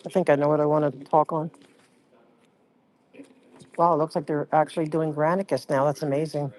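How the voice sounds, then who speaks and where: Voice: medium pitch, level tone, normal speed, darkish tone. A livestream host chatting casually, rambling and greeting viewers by name mid-sentence.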